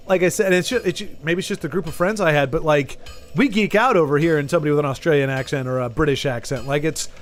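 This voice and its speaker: A man's voice: on the high side, a bit bright, slight background noise. Rambling Texan man chatting to his stream. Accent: Southern US, Texan. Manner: rambling and chatty, trails off and restarts. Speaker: game streamer. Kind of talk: casual chat while gaming, talking to viewers.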